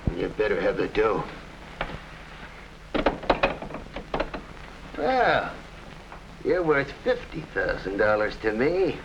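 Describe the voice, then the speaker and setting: An actor playing a ruthless, scheming hired killer in an early TV crime drama, talking tough gangster slang. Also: male voice, on the low side, very animated, a little slow. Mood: gloating. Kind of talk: 1950s TV crime drama acting. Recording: dull old TV soundtrack with faint hiss.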